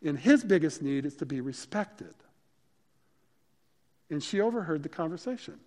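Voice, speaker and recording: A man's voice: fairly high pitch, lively intonation, normal speed, a little mellow. A male pastor preaching a sermon in a conversational, emphatic way that mixes scripture with stories. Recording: long hall reverb.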